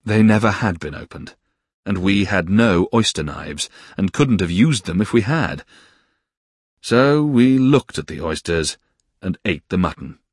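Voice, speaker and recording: Low husky guy narrating an old novel, real lively delivery, dry sound. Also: unhurried, no echo. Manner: expressive, storytelling. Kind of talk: audiobook narration of a classic novel.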